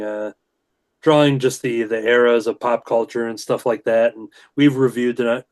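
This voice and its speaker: Male guest, mid-pitched voice, meandering filler-heavy storytelling on a call. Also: a little mellow. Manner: rambling storytelling with many fillers and restarts. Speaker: guest comic creator. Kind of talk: casual chat.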